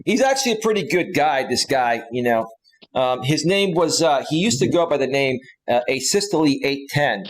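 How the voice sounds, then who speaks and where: A man in his forties from California, hosting a live stream panel in a rambling, animated way. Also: mid-range voice, normal speed, poor audio. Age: 40s. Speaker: host.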